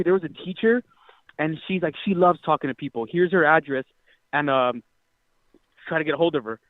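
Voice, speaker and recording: A young man from Utah tells a story over the phone, rambling and full of fillers, swearing freely. His voice sits a little high. The line is tinny and dry, like a call-in phone connection. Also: no echo. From Utah, United States. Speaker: caller. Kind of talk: casual storytelling.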